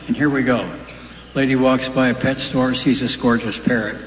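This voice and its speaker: A man doing stand-up, telling quick folksy jokes on stage with offhand asides between punchlines. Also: medium pitch, fairly even intonation, slight background noise. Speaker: stand-up comedian. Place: large live venue. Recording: roomy hall with long reverb.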